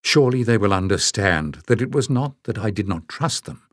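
A man reading a storybook voicing a tactful, secretive young man who speaks softly and reflectively. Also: fairly low pitch, animated, a little fast, no room sound, clean studio sound. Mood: brooding. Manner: soft, reflective.

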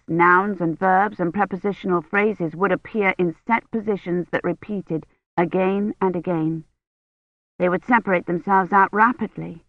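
A woman reading a novel aloud as an audiobook narrator in a measured, even storytelling manner, in a dull, lo-fi recording. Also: lowish voice, dry recording. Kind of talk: scripted narration. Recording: dull, lo-fi, dry.

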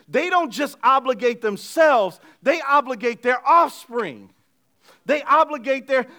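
A middle-aged man preaching a sermon as pastor, conversational, swinging from loud emphasis to quiet asides and acting out little everyday dialogues. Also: high-pitched.

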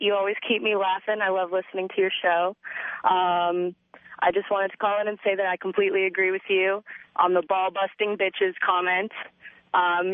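A woman's voice: mid-range voice, dry recording. Cheerful woman caller on a tinny phone line. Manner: agreeable, cheerful, slightly hesitant. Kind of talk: call-in chat. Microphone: telephone.

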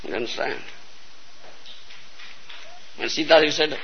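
A man's voice: high-pitched, sing-song, measured pace, gravelly, long pauses, fairly bright tone, breathy edge, rough recording. A man giving a storytelling sermon, often checking whether listeners understand. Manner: storytelling lecture, repeatedly asking "You understand?". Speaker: spiritual teacher.

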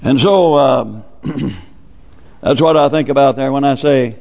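A man's voice: medium pitch, measured pace, creaky. A man preaching a sermon in a church, talking in a folksy, conversational way with sudden rises. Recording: dull, lo-fi church recording with long reverb.

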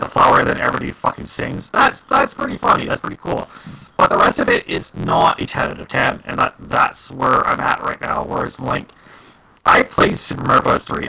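A man's voice: mid-range voice, vocal fry, pushed and bright, husky, low-quality recording. A man co-hosting a casual gaming podcast, ranting heatedly and swearing a lot. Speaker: podcast co-host.

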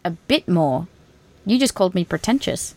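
A woman's voice: lowish voice, big pitch swings, moderate pace, darkish tone. A woman, chatting casually in a bubbly, talkative and teasing way. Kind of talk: casual chat.

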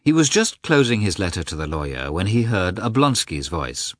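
A man narrates an audiobook, his deep voice moving expressively through the sentences. The reading is measured and lively in pitch, and the sound is dry and close. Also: dry recording. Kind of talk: scripted narration.

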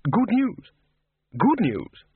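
A man's voice: sits high, wildly swooping pitch, drawn-out words, slightly rough, no room sound, voice pushed up, heavily acted. A man voicing an impatient head wizard who talks brusquely. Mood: flustered. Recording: tinny phone-like dry audio.

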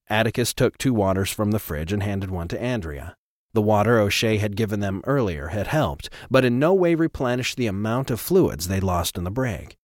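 A man narrating an audiobook with an expressive, dramatic reading. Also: lowish voice, moderate pace, no echo, clean studio sound. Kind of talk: scripted narration.

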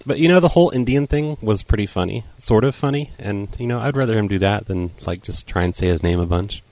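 Laid-back low-voiced male host. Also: fast, darkish tone, dry recording. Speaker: show host. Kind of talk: casual chat on internet radio.

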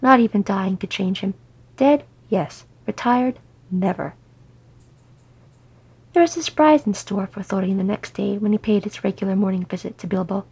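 Gravelly, husky woman reading a story. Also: medium pitch, normal speed, darkish tone, poor audio. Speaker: audiobook reader. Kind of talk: reading fan fiction aloud.

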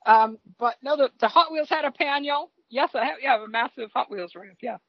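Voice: high-pitched, fairly quick, no room sound, dull audio. Rambling speaker in dry casual chat. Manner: rambling, full of fillers and restarts. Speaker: panel guest. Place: Los Angeles.

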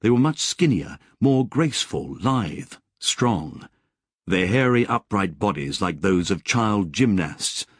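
A man narrating an audiobook in scripted, expressive storytelling with vivid description. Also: lowish voice, takes it slowly, breathy edge, dry recording, studio quality.

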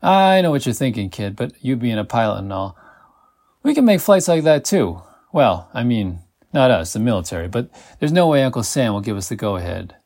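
A gruff, worn-out federal agent talks in a flat, blunt way, voiced by a male narrator. His voice is gravelly and sits at a middling pitch. He sounds like someone who has seen it all before. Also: normal speed. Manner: blunt, matter-of-fact.

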